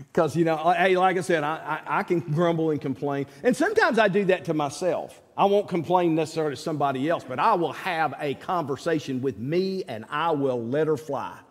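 A man preaching a sermon in a folksy manner, dropping his voice low and soft on key words and rising high when he quotes others. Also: in a large hall. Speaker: pastor.

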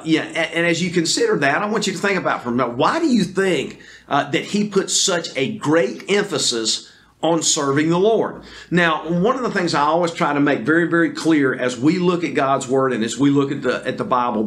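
Earnest preacher with a fairly high voice. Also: male voice, a bit bright. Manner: earnest, deliberate, frequent fillers and restarts. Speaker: pastor. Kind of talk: sermon on video. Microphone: camera recording.

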